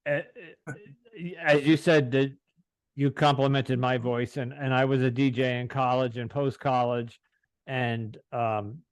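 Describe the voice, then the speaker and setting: A man with a Long Island accent hosting a podcast interview, talking haltingly with fillers and throat clearing. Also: medium pitch, little pitch movement, dry recording. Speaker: podcast host.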